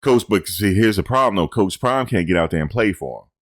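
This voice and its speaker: A man's voice: on the low side, animated, fairly quick, no room sound, clean studio sound. A man hosting a sports show, giving casual commentary in a chatty, repetitive way. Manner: conversational, repeats himself.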